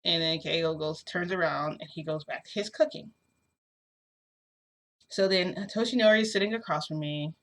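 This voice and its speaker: A woman telling a long story to her camera in a rambling, animated way, with lots of fillers, filmed indoors at home. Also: low voice, normal speed, long pauses. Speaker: vlogger. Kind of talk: casual storytelling vlog. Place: indoors at home under a bright light.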